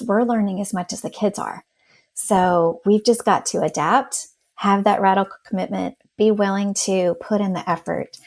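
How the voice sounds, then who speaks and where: A woman teacher talks in a casual interview, her voice gravelly with fry at mid pitch. She speaks with animation and slips into quoted classroom lines as she tells her story. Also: darkish tone.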